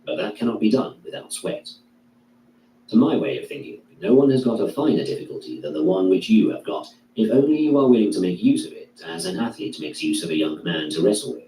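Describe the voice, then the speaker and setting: A man reading a classical philosophy text aloud in a measured, declaiming way. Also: fairly low pitch, sing-song, dark tone. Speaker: reader. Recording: echoey room, distant mic, faint hum.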